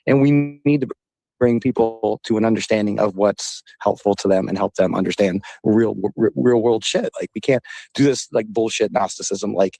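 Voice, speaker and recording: A man hosting a casual online talk, ranting in a profane, rambling and animated way. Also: on the low side, moderate pace, gravelly, dry recording. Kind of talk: casual heated chat.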